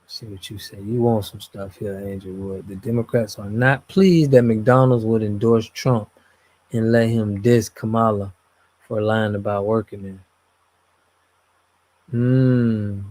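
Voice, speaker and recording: A man's voice: on the low side, fairly even intonation, measured pace, darkish tone. Laid-back man riffing on a live stream. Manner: loose slangy talk, drops to mumbles at phrase ends. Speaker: streamer host reading chat. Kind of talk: casual live-stream commentary.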